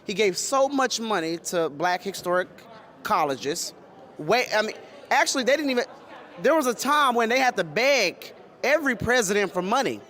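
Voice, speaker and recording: A man from Texas with a high voice, answering questions in a street interview. He speaks passionately, stumbling over his words and repeating phrases as he presses his point. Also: sing-song, normal speed, pushed and bright. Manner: passionate, repeats himself and restarts. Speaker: interviewee at a rally.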